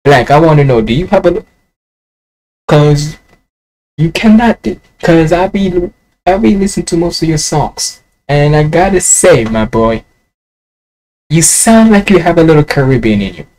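A man's voice: a little high, expressive, normal speed, long pauses, a little mellow, rough recording. Chatty Jamaican man reacting to music. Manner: chatty, rambling, musing aloud. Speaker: reaction video host. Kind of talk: casual reaction commentary.

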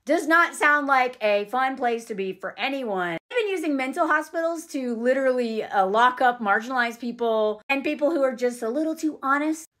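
A woman's voice: high-pitched, expressive, moderate pace, hardly any pauses, fairly bright tone. A young woman, chatting opinionatedly through a movie reaction. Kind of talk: casual movie commentary.

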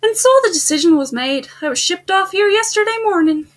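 A woman voicing a nervous new girl at a boarding school in a put-on Irish accent, with an exaggerated, excitable read. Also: very high-pitched, a little fast, voice pushed up. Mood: chatty.

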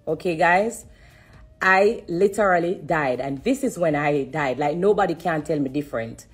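A woman with a low, husky voice shares her testimony on a live stream. She speaks earnestly and in repeated phrases, stopping now and then to steady herself against tears. Faint music plays behind her. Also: normal speed. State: holding back tears. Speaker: singer sharing a personal testimony.

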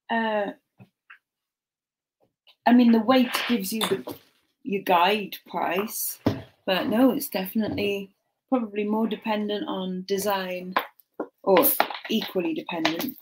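A young woman casually chatting to a live stream while sorting jewellery, muttering soft asides to herself. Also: mid-range voice, noisy background.

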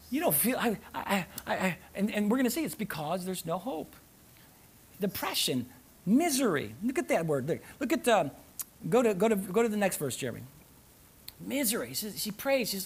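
A male pastor preaching a sermon in a church, reading scripture aloud and repeating phrases, swinging between loud urgent emphasis and low, soft asides. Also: very animated, quick pace, slightly rough. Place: church sanctuary.

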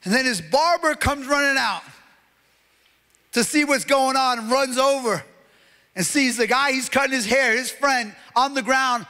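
Impassioned high-voiced preacher, bright tone. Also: male voice, measured pace. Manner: impassioned, acts out quoted voices. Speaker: pastor. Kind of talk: sermon storytelling. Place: large church hall. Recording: long hall reverb.

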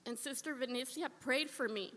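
A woman's voice: high-pitched, normal speed, a bit bright. A woman sharing a heartfelt personal testimony at a church service, earnest and repeating phrases for emphasis. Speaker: church member giving testimony. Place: church sanctuary. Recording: echoey church hall with long reverb.

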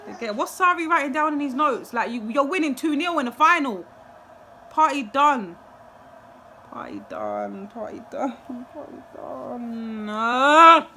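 Young woman, bright voice, exclaiming, repeats herself, football fan reacting live. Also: high-pitched, big pitch swings, fairly quick, hardly any pauses, a little hiss or hum.

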